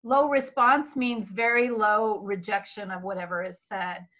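A woman giving a Bible-based teaching talk about children's minds, earnest and expressive. Her voice is slightly hoarse from talking a lot. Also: medium pitch, measured pace. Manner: earnest and expressive, acting out what parents say to children. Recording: dull lo-fi recording.

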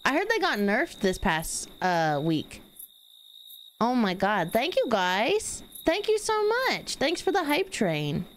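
A woman's voice: on the high side, very animated, takes it slowly, slight background noise. A woman streaming a game live, chatting casually, giggling and thanking viewers over and over.

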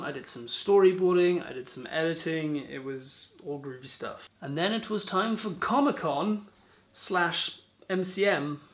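A man's voice: fairly high pitch, fairly bright tone. A man narrating his own vlog in a casual scripted way, with dry, self-deprecating jokes. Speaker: vlogger.

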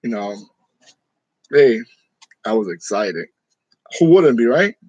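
A man's voice: on the low side, sing-song, takes it slowly, darkish tone, no echo, lo-fi sound. A man from New York chatting casually with his viewers, joking and laughing often in a room decorated for Halloween. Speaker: channel host. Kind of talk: casual live chat with viewers.

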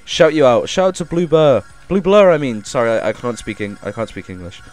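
A man streaming a game live, reading chat aloud and thanking viewers with excitable energy, coughing now and then as if ill. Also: medium pitch, a little fast, soft background music.

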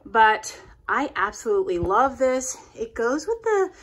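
Her voice is on the high side and fairly bright, with big pitch swings and a slightly slow delivery. This middle-aged woman vlogs casually at home, heading from room to room and outside while eagerly presenting her thrifted decor.

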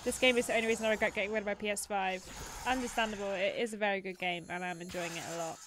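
A woman's voice: medium pitch, steady tone, rapid-fire, background noise. A young woman hosting a live stream, chatting playfully through gameplay commentary and teasing the game.

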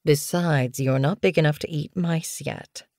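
A calm mother cat speaks in a low, soothing voice with patient firmness , as a woman reads her. The sound is close and dry, like a studio audiobook. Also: unhurried, no echo. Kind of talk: audiobook character voice.

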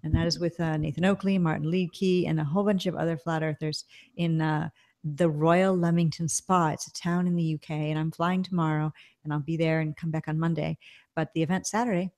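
Lady hosting a livestream, lowish voice, chatty, reads comments and laughs a lot. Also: level tone, a little fast, a little mellow. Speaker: show host. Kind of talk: casual livestream chat. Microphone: desk mic.

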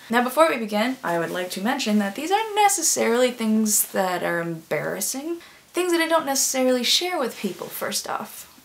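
A young woman hosts a casual confessional vlog in a slightly high, gravelly voice. She chats in a self-deprecating way and often slips into quiet, whispered asides. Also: a little hiss or hum. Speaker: vlogger.

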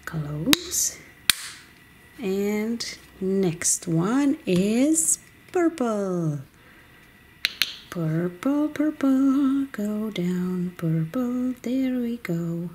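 Slow sing-song woman for kids. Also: mid-range voice, expressive, darkish tone, a little hiss or hum. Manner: slow, sing-song, speaking to young children. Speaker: host of a kids' toy video. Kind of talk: children's play narration.

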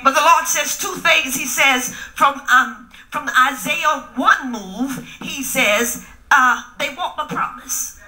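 A middle-aged woman pastor preaching in a call-and-response style, often shouting to the congregation. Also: high-pitched, slow. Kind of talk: sermon. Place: church hall. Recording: echoey room with music.

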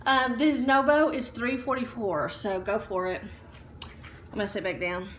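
A woman's voice: a little high, steady tone, measured pace, a bit bright, echoey room, slight background noise. Chatty woman doing a haul vlog. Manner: chatty and upbeat, many ums and likes. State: out of breath while standing. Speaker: vlogger. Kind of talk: casual haul chat. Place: room at home.

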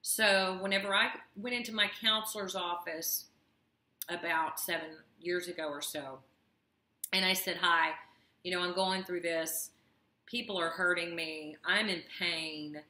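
A woman's voice: on the low side, sharp tone, echoey room. A woman coach talking to camera about her own past, earnest and confiding, with wry asides. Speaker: self-love coach. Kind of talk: personal talk to camera.

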